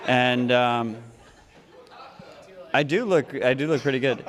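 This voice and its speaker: Man, rambling stage banter, mock-solemn, a bit high, long hall reverb. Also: normal speed, long pauses, fairly bright tone. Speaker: award recipient on stage. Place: conference stage in a large hall.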